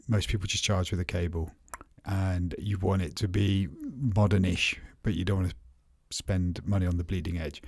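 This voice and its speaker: Deep-voiced man in casual tech chat. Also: darkish tone, slightly rough, no echo, studio quality. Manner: chatty, repeats and restarts words. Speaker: podcast co-host.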